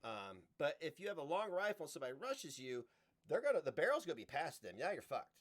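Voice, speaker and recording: A man's voice: a little high, big pitch swings, fast. A man live-streaming, chatting loosely with viewers, joking and laughing often as he reads chat aloud.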